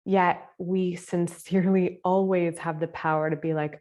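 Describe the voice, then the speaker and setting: A woman teaching a live online spiritual masterclass over a video call. She talks in a gentle, casual way with many filler words. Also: on the low side, little pitch movement, unhurried, highs cut off.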